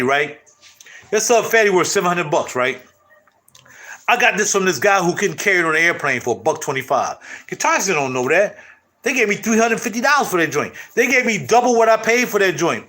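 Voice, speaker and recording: A middle-aged man hosting his channel, chatting casually to viewers in loud, animated, slangy street talk. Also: sits high. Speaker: channel host.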